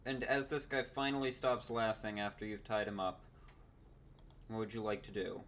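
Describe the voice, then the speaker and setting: A man running a tabletop game as dungeon master, relaxed with dry teasing. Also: on the low side, moderate pace, a little hiss or hum.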